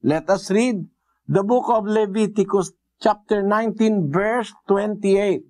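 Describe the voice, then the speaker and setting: A man preaching a Bible exposition, speaking deliberately with fillers and rhetorical questions to the congregation. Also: sits high, darkish tone.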